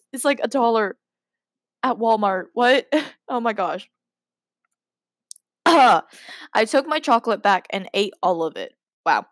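A woman's voice: mid-range voice, no echo, studio quality. A young woman hosting a podcast, reading her old stories aloud and breaking off with giggling, self-mocking asides. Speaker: podcast host.

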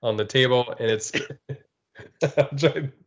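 A man's voice: medium pitch, slow, muffled recording. A man in casual chat, laughing often and adding short jokes to a friend's riff.

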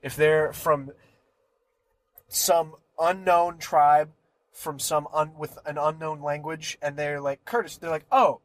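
A man's voice: fairly high pitch, level tone, slow, low-quality recording. A young man, a podcast guest, joking and bantering in casual chat. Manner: joking, reacts with laughs and banter.

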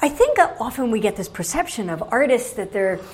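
A woman hosting a casual interview, encouraging and quick to laugh. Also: fairly high pitch, very animated, a little mellow, slightly rough.

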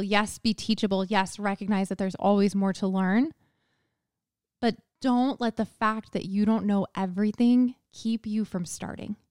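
A woman's voice: mid-range voice, clear, resonant tone, no echo, studio quality. Earnest chatty woman podcast host. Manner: earnest, chatty, acts out her own inner voice. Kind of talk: motivational solo podcast monologue.

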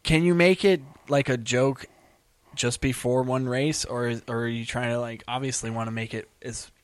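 A man's voice: mid-range voice, fairly even intonation, moderate pace, clean tone. A man in a casual chat, talking hesitantly, trailing off and laughing often.

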